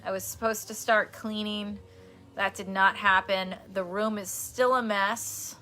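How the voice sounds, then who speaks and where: A woman's voice: mid-range voice, fairly even intonation, a little slow, sharp tone, slight background noise. A woman from New York chatting casually on a livestream in her bedroom, reading out comments, rambling and laughing often. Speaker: streamer.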